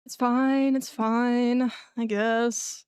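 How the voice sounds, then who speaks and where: A young adult woman streaming live, her voice a little throaty after eating, chatting casually and clearing her throat often. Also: a little high, little pitch movement, very slow, a little mellow, no echo, studio quality.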